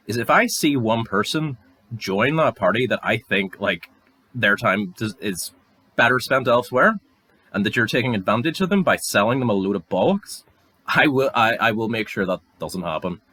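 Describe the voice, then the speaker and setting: A man's voice: fairly low pitch, lively intonation, normal speed, no room sound. A young Northern Irish man ranting alone on his podcast, sarcastic and sweary, his voice climbing when he gets heated. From Northern Ireland. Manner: angry, sweary, sarcastic, rising to near shouts. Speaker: podcast host. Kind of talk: solo rant.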